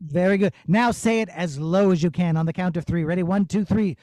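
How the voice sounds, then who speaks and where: Playful puppeteer man, mellow dry voice. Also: high voice, brisk, dry recording. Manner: animated, storytelling tone with silly asides. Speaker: puppeteer answering student questions. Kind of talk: playful Q&A for children. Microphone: video call.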